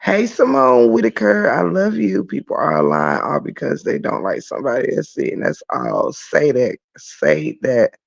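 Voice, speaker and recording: A man's voice: high voice, very animated, normal speed, creaky, hardly any pauses. A man hosting a casual livestream, reading the chat and ranting bluntly with lots of profanity. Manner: blunt and profane, shouts in laughter. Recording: dull lo-fi stream audio.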